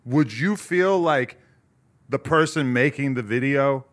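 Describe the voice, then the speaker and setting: A man hosting a podcast in casual chat, asking playful, drawn-out teasing questions. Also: mid-range voice. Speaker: podcast host.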